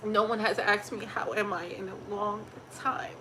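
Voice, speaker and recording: A woman's voice: medium pitch, steady tone, measured pace, noisy background. A pregnant woman chatting candidly to her viewers on a phone, earnest and rambling, often laughing mid-sentence. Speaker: family vlogger. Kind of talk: candid casual chat to viewers.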